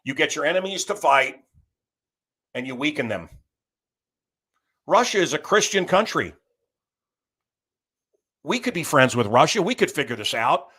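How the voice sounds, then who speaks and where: A man's voice: fairly high pitch, very animated, measured pace, pauses often, bright, forceful tone, husky. A middle-aged man hosting a show, delivering a blunt, combative political monologue with crude language. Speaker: show host.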